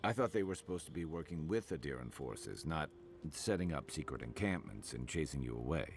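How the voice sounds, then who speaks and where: An actor playing a gruff, blunt male warrior companion in a video game, speaking in steady warnings. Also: extremely low pitch, brisk, a little hiss or hum, full character voice. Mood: grave warning. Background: game music.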